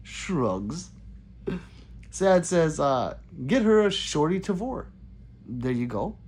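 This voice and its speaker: A man's voice: fairly high pitch, sing-song, slow pace, a little mellow, breathy edge. A man hosting a casual livestream, reading viewer comments aloud and chatting back with frequent laughs. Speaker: livestream host reading chat.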